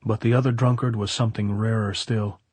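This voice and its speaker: Man, audiobook narrator, low voice, breathy edge, steady measured reading. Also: no room sound. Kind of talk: reading a novel aloud.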